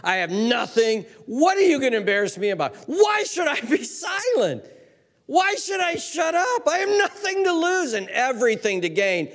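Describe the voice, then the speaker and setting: A man playing a defiant shouting blind beggar. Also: sits high, big pitch swings, voice pushed up. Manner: shouting, rapid and indignant. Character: defiant blind male beggar, dusty and poor. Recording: long hall reverb.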